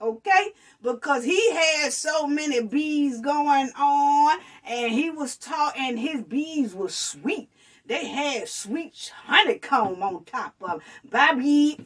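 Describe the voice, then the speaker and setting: A woman's voice: sits high, animated, slow pace, far from the mic. A woman giving sassy casual reaction commentary as a vlogger, calling her viewers honey and baby.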